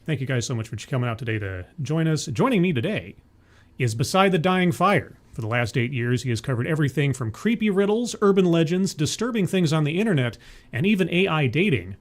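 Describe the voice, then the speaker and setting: A man hosting a live-streamed interview show, chatty and energetic, often correcting himself mid-sentence. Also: fairly high pitch, a little fast.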